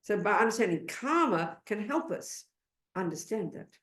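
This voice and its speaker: A woman with an Australian accent giving a Buddhist dharma talk in an animated, blunt and emphatic way. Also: mid-range voice, moderate pace, echoey room. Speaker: Buddhist teacher.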